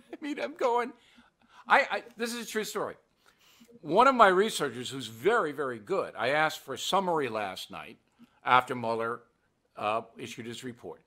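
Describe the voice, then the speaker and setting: Older male host, bright and animated, blunt and mocking delivery. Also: mid-range voice, moderate pace. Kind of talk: political commentary show.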